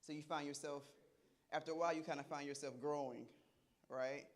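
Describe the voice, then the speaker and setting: A middle-aged man delivers an interactive sermon in a fairly high voice. He keeps it conversational and playful, quizzing the listeners and echoing their replies back to them. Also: a little fast. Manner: conversational, asks the audience questions and repeats their answers; animated and playful, laughs often. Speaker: Bible study teacher.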